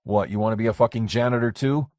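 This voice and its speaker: A man's voice: medium pitch, steady tone, fast talker, a little mellow, no echo, clean studio sound, close to an everyday voice. A man reading the lines of a blunt, skeptical businessman in his forties who swears freely. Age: 40s. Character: blunt, skeptical middle-aged businessman friend.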